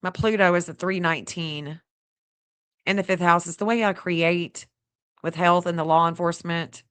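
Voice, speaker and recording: A woman hosting a casual livestream, chatty and excitable, talking straight to her viewers and laughing often. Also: on the low side, moderate pace, clear, resonant tone. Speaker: livestream host reading astrology maps.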